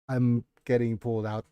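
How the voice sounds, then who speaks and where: A man's voice: medium pitch, no echo, muffled recording. A man with a Nigerian accent reading his own fantasy novel aloud on a livestream, often stopping to comment on it. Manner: breaks off to comment and laugh at himself. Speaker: streamer and author.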